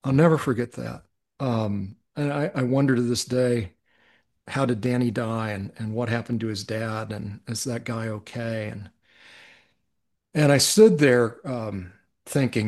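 A middle-aged man with a gravelly, creaky voice tells a personal story as a podcast guest. He speaks earnestly and reflectively, often restarting his sentences, and his pitch sits in a middling range. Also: a little slow, darkish tone.

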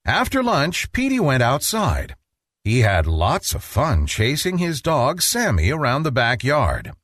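A man reading a children's storybook aloud in an expressive, playful manner. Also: medium pitch, measured pace, no room sound, clean studio sound. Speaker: narrator.

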